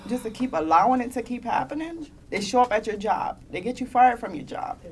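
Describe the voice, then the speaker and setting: A woman's voice: on the high side, lively intonation, fairly quick, a little mellow. A young woman on a conference panel giving emotional personal testimony, earnest and close to tears, with rueful laughs. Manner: earnest and heartfelt, often near tears, with bursts of rueful laughter. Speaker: panelist sharing her own story. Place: conference panel in a meeting room.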